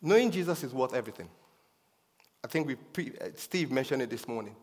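A man's voice: mid-range voice, expressive, fairly quick, a little mellow. A man preaching a sermon with emphasis, repeating his key phrases for effect. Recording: long reverb of a hall.

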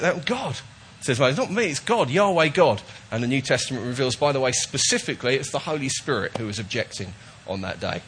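A man's voice: mid-range voice, expressive, fast talker, a bit bright, slight background noise. A man preaching a sermon to his church, emphatic and repetitive, often restarting his words. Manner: emphatic, repetitive, with false starts. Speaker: pastor.

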